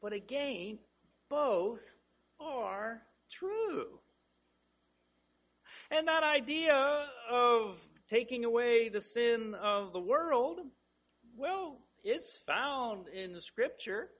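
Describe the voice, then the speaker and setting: A man delivers a sermon in a bright, high voice. He speaks slowly and deliberately, and his pitch swings widely as he drives points home with repeated phrases. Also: lively intonation, lo-fi sound. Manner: emphatic, repeating phrases with rising intensity. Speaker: preacher.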